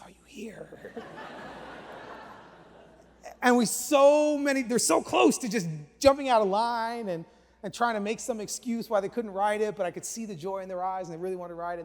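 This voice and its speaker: A high-pitched male pastor in his thirties tells a story from the pulpit with lively energy, now and then dropping his voice to a hush. His sermon rings out with a long reverb, as if in a large church hall. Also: fast talker.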